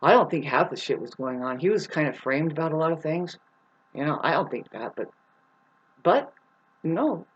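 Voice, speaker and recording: A woman talking straight to camera in a rambling, profane monologue, restless and jumping between thoughts with sudden loud outbursts. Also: sits low, expressive, normal speed, long pauses, slightly rough, lo-fi sound. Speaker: vlogger. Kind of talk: rambling stream-of-consciousness monologue.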